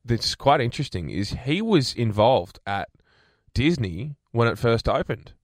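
A man's voice: medium pitch, big pitch swings, unhurried, no room sound, studio quality. A man hosting casual breakfast radio, telling rambling stories with chuckles. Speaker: radio host. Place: radio studio. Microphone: studio microphone.

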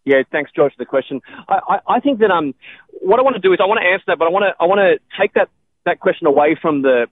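Man, earnest, halting restarts, fast talker, fairly high voice, tinny radio sound. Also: lively intonation. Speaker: radio guest answering callers. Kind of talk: call-in radio talk.

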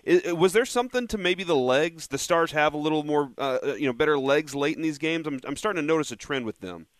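A sports radio host asks his guest casual questions, stumbling a little. His voice is smooth and resonant. The sound is dry, with no room around it. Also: fairly high pitch, lively intonation, fast talker, no echo.

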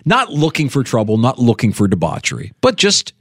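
A man's voice: medium pitch, wildly swooping pitch, a little fast, fairly bright tone, no echo. A man hosting a sports radio show in a studio, talking in a casual, chatty way that rambles with restarts.

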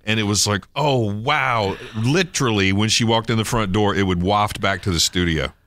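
A man's voice: lowish voice, fairly quick, a bit bright, no echo, clean studio sound. A middle-aged man co-hosting a casual radio chat, joking and laughing easily. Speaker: radio show co-host.

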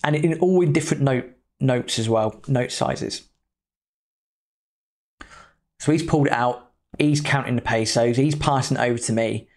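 A man hosting a podcast, talking in an easy, loose way. His voice sits at an ordinary middle pitch, and he tells his story like a casual chat with a friend, dropping in the odd swear word. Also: moderate pace, a little mellow. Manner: chatty, loose, with mild swearing. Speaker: podcast host.

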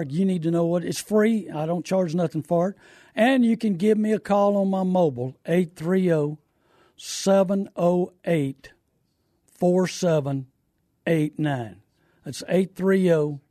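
A man's voice: high voice, mellow, dry recording, studio quality. A man hosting a call-in radio show, talking in a folksy, preachy, down-to-earth way.

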